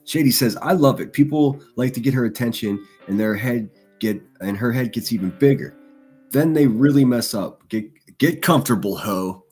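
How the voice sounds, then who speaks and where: A man's voice: medium pitch, moderate pace, darkish tone, breathy edge, faint music behind. Guy ranting crude insults on his livestream, mid voice, laughing at his own jokes. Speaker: livestream host. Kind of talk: crude mocking livestream commentary.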